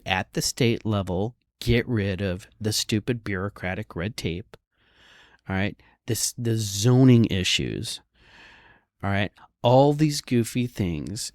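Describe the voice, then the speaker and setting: A real estate broker gives casual, sarcastic market commentary, often checking in with listeners by asking "all right?" His medium-pitched voice is slightly mellow, recorded with clean studio sound and no echo.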